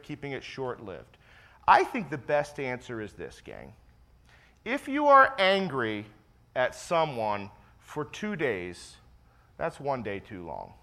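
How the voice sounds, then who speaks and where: A male pastor delivering a sermon with a bright, forceful tone. His pitch swings widely as he hammers home repeated phrases, then falls into hushed asides. He sits slightly high for a man. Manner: emphatic preaching, repeats key phrases, drops to quiet asides.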